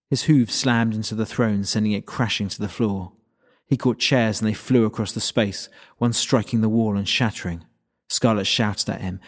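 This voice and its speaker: Low-voiced man narrating a fantasy story. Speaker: audiobook narrator. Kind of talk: scripted narration.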